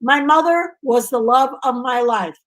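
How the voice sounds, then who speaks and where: A woman with a high, lively voice, chatting as a comedian guest. She tells her stories with animation and slips into other people's voices as she goes. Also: measured pace, low-quality recording. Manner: animated storyteller who acts out voices. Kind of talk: casual interview chat.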